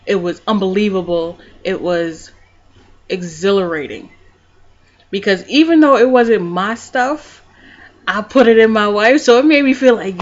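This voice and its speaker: A woman vlogging about her own life, shifting between calm, soft reflection and animated retelling of scenes. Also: mid-range voice, a little slow, long pauses, muffled recording. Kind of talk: personal storytelling vlog.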